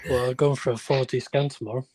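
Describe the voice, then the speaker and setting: A man's voice: mid-range voice, fairly even intonation, fast talker, a crowd in the background. Laid-back Welsh man chatting. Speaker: caller in group chat. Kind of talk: casual chat.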